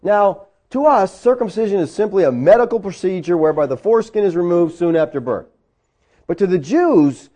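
A man's voice: high voice, mellow. A man preaching a sermon, conversational and full of rhetorical questions. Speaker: pastor.

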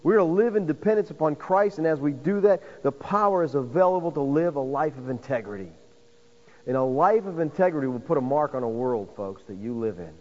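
A man's voice: on the high side, animated, fairly quick, darkish tone. A man preaching a sermon as pastor, calling his listeners "folks" and building to emphatic points. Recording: dull sound with long hall reverb.

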